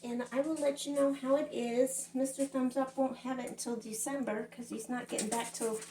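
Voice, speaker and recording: A woman's voice: high-pitched, fairly even intonation, normal speed, warm tone, far from the mic. A middle-aged woman with a Southern US accent chatting to her viewers while she cooks at home, rambling and addressing them as y'all. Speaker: cooking vlogger. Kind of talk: casual kitchen vlog chat. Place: home kitchen. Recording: echoey kitchen, voice from off-mic.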